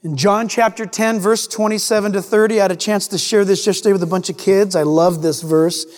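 A man preaching a sermon as pastor, animated and playful, acting out voices as he tells stories. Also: sits high, in a large hall.

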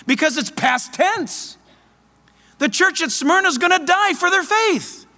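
A man preaching a sermon as pastor, fervent, loud and excited. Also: very high-pitched, unhurried, big-room sound.

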